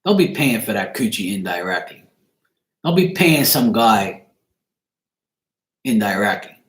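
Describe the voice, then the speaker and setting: A man's voice: on the low side, sing-song, a little slow. Blunt, rambling man in an echoey room. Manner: loose, blunt and crude, rambling with "you know what I'm saying". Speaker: tarot reader on a live stream. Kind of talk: casual live-stream reading.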